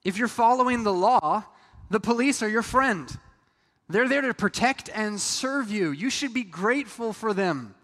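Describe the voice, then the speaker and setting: High-voiced man preaching in a hall. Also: expressive, a little slow, bright, forceful tone. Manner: conversational preaching with acted asides. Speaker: pastor. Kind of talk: sermon. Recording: reverberant hall.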